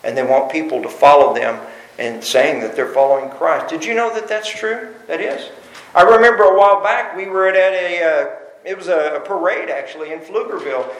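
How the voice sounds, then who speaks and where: A man's voice: a little high, a little fast. A man preaching a sermon as pastor, emphatic and full of rhetorical questions. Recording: roomy echo.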